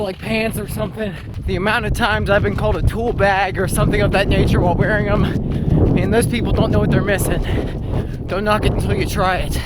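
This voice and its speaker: A young man chatting casually into a handheld camera while out jogging on the road, with wind and passing traffic around him. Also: high-pitched. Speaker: vlogger training for a marathon. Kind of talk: casual running vlog. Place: outdoors on roads while running. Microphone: handheld camera while running. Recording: faint outdoor noise with wind.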